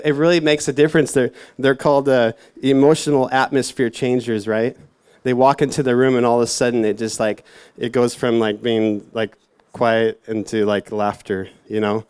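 A man's voice: fairly low pitch, darkish tone, clear, resonant tone. Rambling self-mocking man giving a casual sermon. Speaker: youth church speaker.

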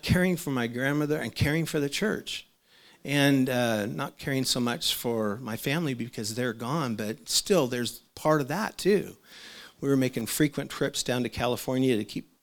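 A middle-aged man preaches in a relaxed, conversational sermon. He is heartfelt and animated, often laughing and restarting his sentences, and he grows soft and low in the tender passages. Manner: drops soft and low when speaking of loss. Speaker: pastor.

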